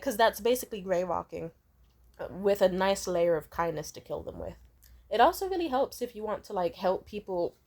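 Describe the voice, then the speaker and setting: A woman's voice: medium pitch, a little mellow. A young woman telling a rambling, profane personal story in a casual vlog. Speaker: vlogger.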